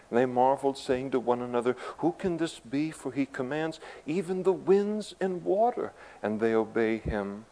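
Male pastor, mellow tone, emphatic sermon delivery with chatty asides. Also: medium pitch, rough recording. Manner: emphatic, conversational asides, swings between quiet and loud.

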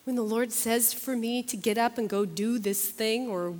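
A woman's voice: a little high, moderate pace, darkish tone, big-room sound. A woman teaching a Bible study in a chatty, earnest way, repeating phrases for emphasis. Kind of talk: conversational sermon.

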